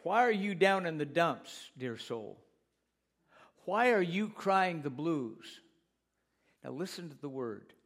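A fairly high-voiced man preaching in a church. He leans on repetition and turns to the congregation again and again with questions. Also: lively intonation, takes it slowly, a bit bright. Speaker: pastor. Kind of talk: sermon.

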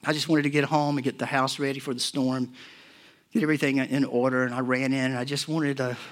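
A pastor, a man in his forties or older, preaching a sermon and telling personal stories, swinging between hushed and loud moments. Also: fairly high pitch, slight background noise. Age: 40s or older.

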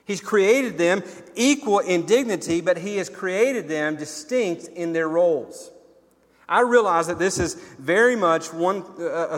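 A male pastor preaching with earnest conviction, his voice sitting a little higher than most men's. He often circles back and repeats words as he builds his point. A long reverb hangs behind him, as in a large sanctuary. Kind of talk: sermon.

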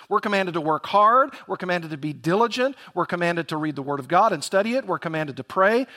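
A man's voice: high voice, fairly bright tone. A man preaching a sermon as pastor, earnest and emphatic, with rhetorical questions to the congregation.

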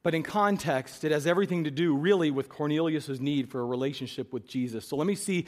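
A man's voice: fairly high pitch, quick pace. A man preaching a sermon in a church, emphatic and full of rhetorical questions put to the listeners. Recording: long hall reverb.

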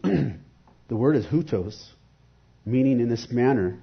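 A man with a husky, somewhat breathy voice delivers an earnest devotional sermon at a steady middle pitch. He talks reflectively and poses rhetorical questions. The recording sounds dull and lo-fi. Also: slow.

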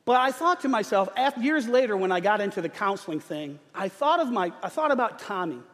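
Man, middle-aged, pastor, humorous animated storytelling, high voice, reverberant church hall. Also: fairly quick. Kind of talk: sermon storytelling. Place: church sanctuary.

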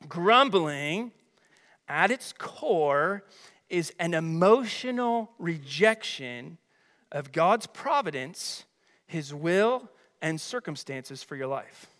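A man preaching a sermon as a pastor, energetic and emphatic, with chatty rhetorical asides. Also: sits high. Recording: long hall reverb.

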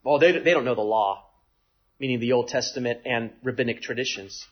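A man preaching a sermon in an animated way, acting out the voices in the passage he reads and often asking "right?". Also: medium pitch, fairly quick, breathy edge, dull audio. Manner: animated, acts out quoted voices, frequent "right?". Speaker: pastor.

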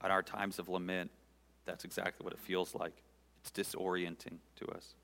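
A man preaching a sermon as pastor, earnest and conversational, with pauses as he speaks to the congregation. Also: deep voice, level tone, vocal fry, bright, forceful tone. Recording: long hall reverb.

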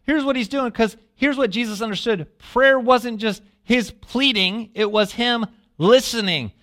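A man preaching a sermon as a pastor, telling a story with lively asides and questions to the listeners, dropping to a hush when quoting prayers. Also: very high voice, measured pace. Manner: animated storytelling, asks the congregation questions.

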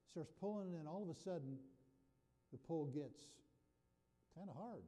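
A man's voice: a little high, warm tone. A man preaching a sermon in a folksy, conversational way, often putting questions to his listeners. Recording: long reverb of a large hall.

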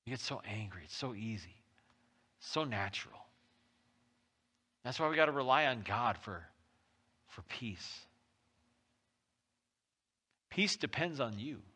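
Animated male pastor preaching. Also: medium pitch, slow pace, pauses often, breathy edge. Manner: lively, conversational preaching with sudden loud pushes and soft drops. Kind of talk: sermon. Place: church.

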